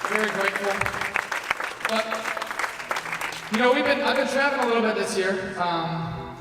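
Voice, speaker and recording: A man's voice: sits high, expressive, moderate pace, distant mic, a loud crowd, very noisy. A young man, the singer and bandleader, chatting and joking with a live audience between songs in a rambling, self-deprecating way. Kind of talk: on-stage banter between songs. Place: concert hall at a country club, live audience. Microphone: stage microphone. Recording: live concert recording, echoey hall, band playing.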